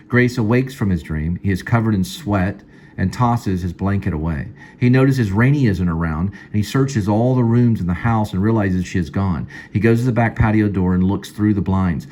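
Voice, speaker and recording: A man casually reading his own screenplay aloud at home, halting and stopping to fix lines. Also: on the low side, a little mellow. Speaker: screenplay reader. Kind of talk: casual screenplay read-through.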